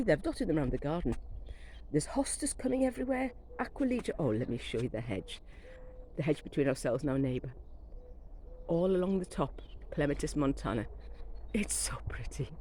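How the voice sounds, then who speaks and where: Fairly low in pitch, warm and husky, the voice comes from a middle-aged gardening vlogger chatting casually on a walk-through of her back garden. She rambles and gushes about her plants while getting a cold, recorded roughly on a phone camera she carries as she walks.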